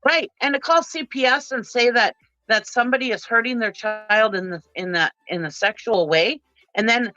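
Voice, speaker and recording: A woman's voice: on the high side, moderate pace, sharp tone, dry recording, lo-fi sound. A middle-aged woman from Minnesota, ranting with passion as a guest on a livestream panel. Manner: impassioned, ranting.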